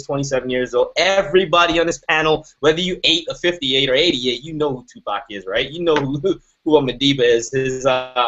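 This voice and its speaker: A man's voice: mid-range voice, a bit bright. A man in his thirties giving an emphatic motivational talk, often asking "right?". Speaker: motivational speaker. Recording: dull lo-fi recording.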